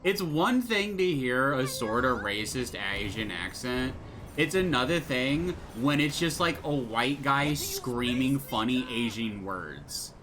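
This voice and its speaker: A man's voice: mid-range voice, animated, slow, crowd noise. Rambling sarcastic young male gamer. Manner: rambling, sarcastic, swears casually. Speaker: let's play gamer. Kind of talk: casual gameplay commentary.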